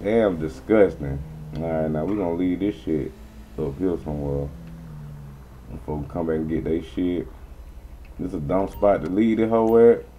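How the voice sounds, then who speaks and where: Low-voiced man in casual, profane game chat. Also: moderate pace, pauses often, warm tone, a little hiss or hum, low-quality recording. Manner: profane, rambling, talks to viewers. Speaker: gaming streamer. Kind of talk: casual gameplay commentary.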